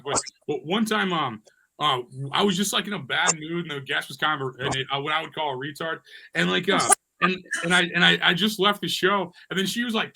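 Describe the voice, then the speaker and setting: Fast-talking, rambling man on a podcast. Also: a little high, creaky. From Midwest US. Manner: rambling, joking, swears freely. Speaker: podcast host. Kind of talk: casual chat. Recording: noisy podcast recording.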